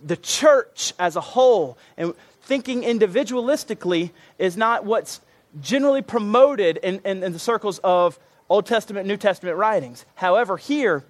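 A man preaching a sermon to his congregation, earnest and emphatic, often repeating himself for weight. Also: high voice. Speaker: pastor.

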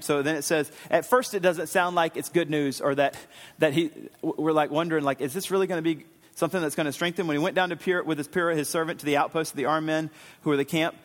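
Man, pastor, rambling casual sermon, fillers and restarts, long hall reverb. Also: fairly high pitch. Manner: casual, rambling preaching with fillers and self-corrections.

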